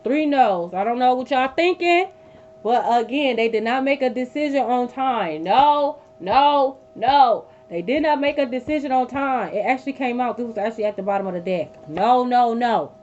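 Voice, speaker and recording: A woman's voice: a little high, animated, fairly quick, darkish tone. A woman giving a live tarot reading from her bed, blunt and profane, repeating her points for emphasis. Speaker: tarot reader. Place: sitting on a bed at home. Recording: dull lo-fi audio with faint hum.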